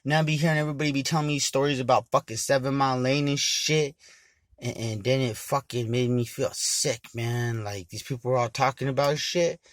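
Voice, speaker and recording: A man from Montana casually telling a rambling, profane story and getting loud and animated when he quotes people. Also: mid-range voice, a little fast, dry recording. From Montana, United States.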